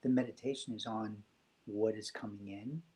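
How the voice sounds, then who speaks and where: Gentle reflective man telling stories. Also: lowish voice, steady tone, normal speed, poor audio. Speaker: guest. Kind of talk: spiritual talk show conversation.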